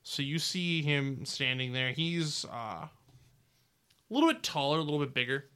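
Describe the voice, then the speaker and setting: Bright-voiced male game master narrating. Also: fairly high pitch, moderate pace, smooth. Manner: relaxed, descriptive, with fillers.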